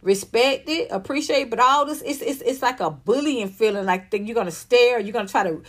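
A woman's voice: on the high side, brisk. A woman in her fifties ranting in an emphatic, profane monologue, often repeating herself. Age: 50s. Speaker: vlogger.

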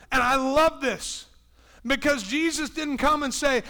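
Man, pastor, sermon, high voice, bright tone, impassioned, loud to hushed. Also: a little slow. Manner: impassioned, swings from loud preaching to hushed tones; acts out quoted voices in his preaching. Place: church.

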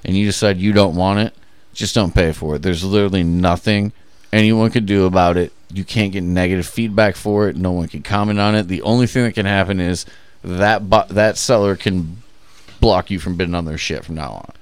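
A man's voice: deep voice, fairly quick, clear, resonant tone, no echo. A man co-hosting a podcast, telling rambling stories in casual profane chat, full of "like" fillers and restarts.

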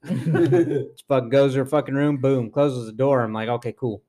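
A man's voice: medium pitch, moderate pace. A young man co-hosting a casual chat with friends, telling a work story with lots of swearing and acted-out quotes. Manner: profane, animated storyteller acting out quotes. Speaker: podcast co-host.

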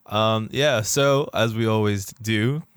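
A relaxed man with a lowish voice chats on a podcast and reads a listener review aloud. He jokes around and trips over his words now and then. The sound is close and dry. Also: slow, clear, resonant tone, no room sound. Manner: laid-back, joking, stumbling over words. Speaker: podcast co-host. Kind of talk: casual chat, reading a listener review.

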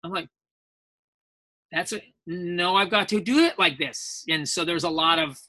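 A man talks as a guest voice actor in a relaxed interview. His voice is bright and forceful. He rambles through anecdotes and acts out the people he quotes. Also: sits high, a little slow. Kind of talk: casual interview storytelling.

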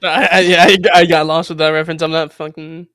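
A young man with a high voice teases the others with sarcastic asides in a casual podcast chat. The sound is dry and close. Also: level tone, brisk, pushed and bright, no room sound. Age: young adult. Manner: teasing, sarcastic.

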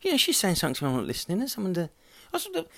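A man's voice: high voice, sing-song, very fast, vocal fry, bright, forceful tone. A middle-aged man hosting a solo podcast at home, rambling and sweary, hot, hungover and tired. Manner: rambling, sweary, self-mocking. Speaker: podcast host. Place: at home, walking through rooms.

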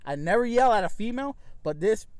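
A man's voice: high voice, quick pace, smooth, dry recording. A young man telling a long, profane story, acting out what everyone said. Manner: profane, animated storytelling, acts out quotes. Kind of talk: casual chat.

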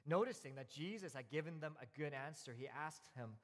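Higher-voiced male pastor in a reverberant hall. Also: a little fast. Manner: relaxed storytelling with frequent fillers and restarts. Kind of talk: conversational sermon.

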